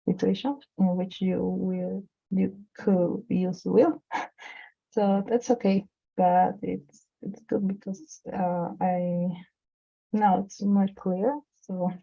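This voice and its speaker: A woman learning English who answers her teacher hesitantly, pausing and using many fillers. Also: medium pitch, gravelly, dark tone, highs cut off. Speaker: English student. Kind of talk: online lesson reply.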